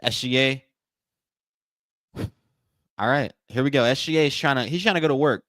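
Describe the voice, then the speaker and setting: A man's voice: mid-range voice, normal speed, fairly bright tone, dry recording, studio quality. A man hosting a live watch party stream, giving loose play-by-play commentary and talking straight to his viewers. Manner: casual, repetitive, addresses viewers as y'all.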